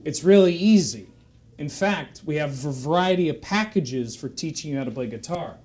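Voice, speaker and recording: A man voicing an upselling male guitar teacher on the phone, with a rapid, salesy patter. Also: on the high side, expressive, darkish tone, natural voice.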